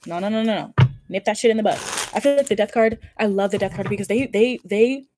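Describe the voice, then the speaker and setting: A woman's voice: medium pitch, quick pace, mellow, slight background noise. A woman giving a casual pick-a-card tarot reading, effusive and emphatic, with casual swearing. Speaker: tarot reader.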